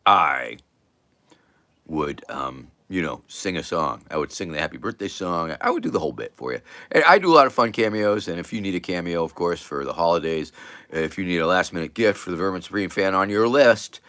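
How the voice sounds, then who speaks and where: A man's voice: low-pitched, lively intonation, normal speed, fairly bright tone. A man hosting his own casual livestream chat show, rambling and joking as he talks. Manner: rambling, jokey, self-promoting. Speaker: host.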